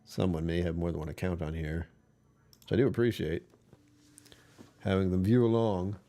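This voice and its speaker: A tired man with a rumbly voice hosting a livestream, chatting casually, joking and laughing with his viewers. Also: fairly even intonation, normal speed, warm tone. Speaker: livestream host.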